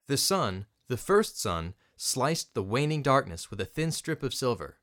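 A man narrating a story in a scripted, expressive reading. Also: medium pitch, unhurried, few pauses. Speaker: audiobook narrator.

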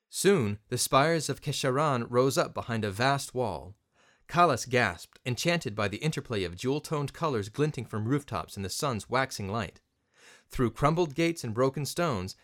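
A man narrating a story in a scripted, expressive reading. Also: medium pitch. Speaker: audiobook narrator.

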